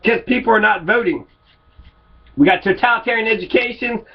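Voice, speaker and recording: Furious swearing man, high voice. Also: brisk, lo-fi sound. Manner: angry, swearing, repetitive. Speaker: political commentator. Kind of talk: profane political rant.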